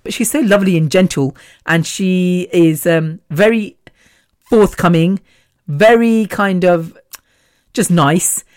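Woman solo podcaster; loose, chatty monologue, quick laughs throughout. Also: fairly low pitch, a little mellow. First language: Punjabi. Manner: chatty, rambling, laughs often. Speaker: podcast host. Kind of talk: casual solo chat.

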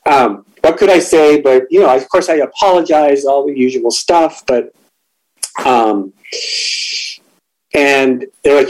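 A middle-aged man speaks with a candid, reflective openness, pausing and restarting as he works through his thoughts. His voice sits at an ordinary pitch for a man, and his story comes out in a personal, unpolished way. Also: lively intonation, a little mellow, low-quality recording. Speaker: guest sharing a recovery story.

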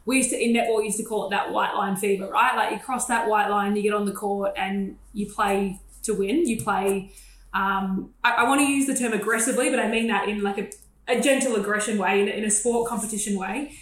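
A woman co-hosting a podcast, agreeing warmly and talking with restarts and fillers. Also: medium pitch, fairly even intonation, a little fast. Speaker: podcast co-host. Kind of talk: casual conversation. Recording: roomy echoey room.

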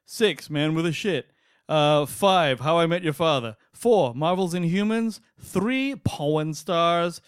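A man's voice: a little high, slow pace, clear, resonant tone, no room sound, studio quality. A man co-hosting a podcast, ranting in casual chat and swearing freely. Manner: animated, swearing, acts out quotes in mocking voices. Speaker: podcast co-host.

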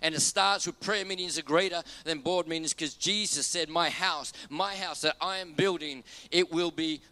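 Emphatic preacher man, bright voice. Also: a little high, normal speed. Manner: emphatic, repeats key phrases, urges "come on". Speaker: pastor. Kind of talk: sermon.

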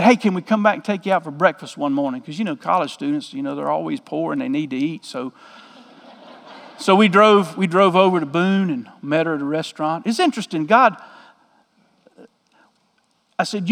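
A man's voice: fairly high pitch, in a large hall. A man, a pastor telling a story in a folksy, joking sermon.

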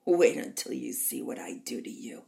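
A woman voicing the ghost of an aging female silent-film diva, in a husky low whisper with an imperious, drawling manner. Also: very animated, moderate pace, warm tone, heavily acted. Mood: menacing.

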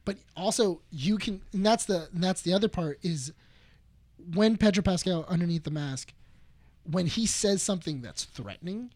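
A man co-hosting a casual podcast chat, excitable and often restarting his sentences. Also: sits high, normal speed, no room sound. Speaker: podcast co-host.

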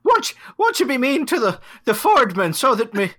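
A man's voice: very high-pitched, huge pitch swings, normal speed, bright, forceful tone, voice pushed up, heavily acted. A man voicing a pleading old-timey fellow in a mock Cockney accent.

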